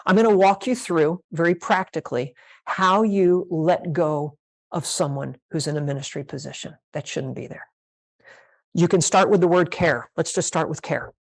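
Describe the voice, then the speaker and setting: A woman's voice: sits low, moderate pace, gravelly. A woman pastor teaching a leadership master class, emphatic and repeating her key phrases, sometimes playing out sample conversations.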